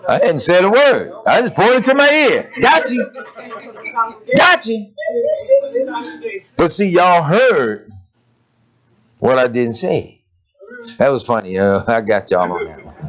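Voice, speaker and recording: A man preaching a sermon in a lively, conversational way, asking rhetorical questions and laughing as he goes. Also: on the high side, slow, pauses often. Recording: dull lo-fi recording.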